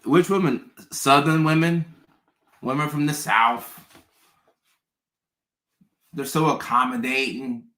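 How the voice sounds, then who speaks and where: A man's voice: mid-range voice, fairly even intonation, slow, pauses often, sharp tone. A man from the American South telling stories in casual chat, often restarting and repeating words. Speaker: host. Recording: echoey room.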